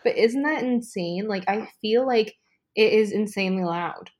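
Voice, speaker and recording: A woman hosting a casual sports podcast, rambling excitably and swearing freely. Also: medium pitch, normal speed. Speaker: podcast host. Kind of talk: casual chat. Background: ice maker noise from a fridge.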